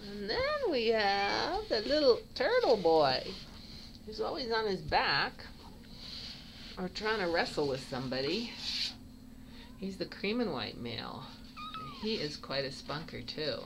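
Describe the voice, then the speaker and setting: A woman's voice: mid-range voice, very animated, unhurried, gravelly, pauses often, noisy background. A woman cat breeder narrating a casual home video, cooing baby talk at kittens.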